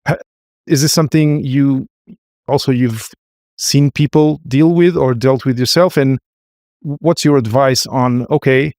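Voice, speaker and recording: A man hosting an interview podcast, speaking haltingly with frequent restarts and affirming fillers. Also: mid-range voice, darkish tone, no room sound, clean studio sound. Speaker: podcast host. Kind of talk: interview conversation.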